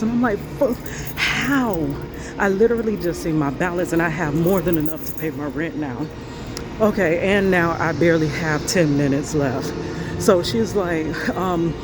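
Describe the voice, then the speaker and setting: A woman vlogging on the move, telling a story and acting out both sides of the conversation. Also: lowish voice. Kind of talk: casual storytelling vlog. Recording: outdoor street and traffic noise.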